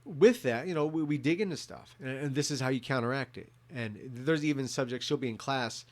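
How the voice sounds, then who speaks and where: A man's voice: medium pitch, fairly quick, darkish tone. Rambling, profane man ranting. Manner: profane, rambling, many restarts. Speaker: vlogger. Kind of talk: drunken rant.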